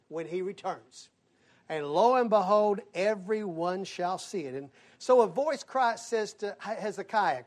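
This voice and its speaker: High-voiced man teaching scripture. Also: moderate pace. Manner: animated storyteller acting out dialogue. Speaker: Sunday school teacher. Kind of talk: conversational Bible lesson.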